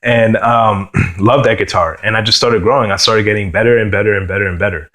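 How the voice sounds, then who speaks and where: A young man from New York sharing his personal testimony as a guitarist, earnest and halting, often saying "you know" and "man.". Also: on the low side, fairly even intonation, sharp tone. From New York, USA.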